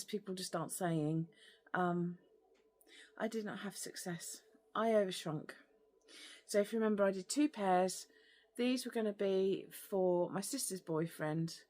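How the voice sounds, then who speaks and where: A woman's voice: on the low side, darkish tone. A woman hosting a crafting podcast, talking casually and rambling with many fillers. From lives in France. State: out of breath. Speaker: podcast host. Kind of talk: casual chat.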